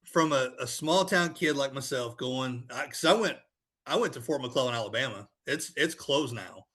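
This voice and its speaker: A man hosting a casual podcast interview in a laid-back way, with quick agreeing interjections. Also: medium pitch, expressive, a bit bright.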